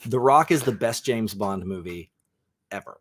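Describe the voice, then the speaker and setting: A man's voice: lowish voice, lively intonation, normal speed. A young man hosting a casual movie chat, enthusiastic and rambling, with lots of fillers and restarts. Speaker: podcast host.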